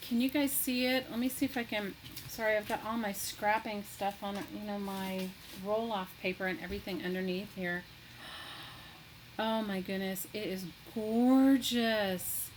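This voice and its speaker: A woman's voice: medium pitch, fairly even intonation, normal speed, a little hiss or hum, low-quality recording. A woman hosting a casual live crafting stream, chatty and greeting viewers by name, gushing with delight. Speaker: craft livestream host.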